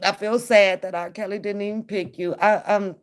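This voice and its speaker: Blunt, animated woman reacting to a clip. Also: medium pitch, normal speed. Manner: animated, blunt, profane, laughs often. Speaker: reaction channel host. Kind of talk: casual reaction commentary.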